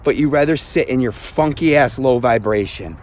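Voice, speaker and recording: A man's voice: mid-range voice, moderate pace, darkish tone. A man delivering a profane motivational rant, blunt and emphatic, swearing constantly. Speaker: self-help vlogger.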